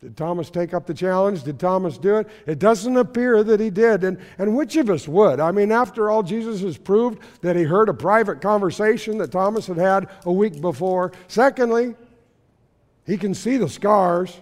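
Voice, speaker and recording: A man with a high voice preaches in a church sanctuary, his words ringing with long reverb. He tells a story, asks questions of the congregation and answers them himself. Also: expressive, moderate pace, darkish tone. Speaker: pastor. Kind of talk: sermon.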